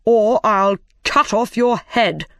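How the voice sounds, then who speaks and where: A bossy storybook king who hands out threats, as a woman puts him on. He speaks slowly and firmly in a dry, close recording, with no room sound around him. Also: on the high side, no echo. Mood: commanding.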